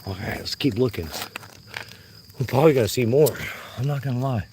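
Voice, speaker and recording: Hoarse man vlogging on a trail. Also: medium pitch, fairly quick, a little mellow, a little hiss or hum. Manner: chatty, talks to himself and viewers. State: hoarse from yelling. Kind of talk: casual live vlog while walking. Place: outdoor nature trail.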